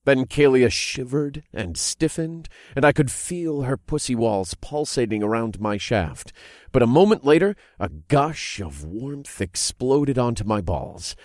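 A man narrating an adult audiobook in the first person, with an expressive reading that builds in intensity. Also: mid-range voice, unhurried, no room sound, studio quality.

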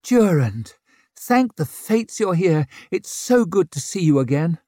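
A man's voice: a little high, very animated, a little slow, warm tone, no echo, studio quality, pitched above the performer's own voice. A man voicing a poised, scheming young noblewoman and mother who coos sweetly and talks politics coolly. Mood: bright cooing. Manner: sweet, cooing, then cutting and political.

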